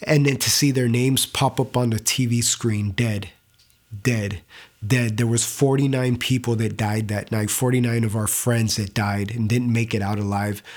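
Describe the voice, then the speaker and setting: A young man giving an earnest, emotional personal faith testimony, halting at times and repeating words. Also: medium pitch, fairly even intonation, a little mellow. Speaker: testimony speaker.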